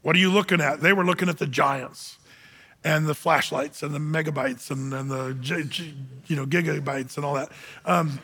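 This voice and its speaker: Animated man preaching in an echoing hall. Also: on the high side, normal speed, husky. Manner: animated, acts out quoted voices. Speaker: men's group speaker. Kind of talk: sermon. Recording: reverberant hall.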